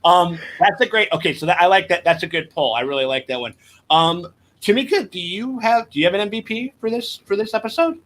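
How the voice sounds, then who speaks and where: Male host, slightly high voice, loose and profane banter on a livestream. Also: animated, a little fast, a bit bright. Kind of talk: casual livestream chat.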